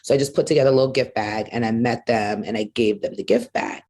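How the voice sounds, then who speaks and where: A woman being interviewed as a guest on a podcast, telling a story in a casual, animated way and acting out the dialogue she quotes. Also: very deep voice, quick pace. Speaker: guest, arena executive.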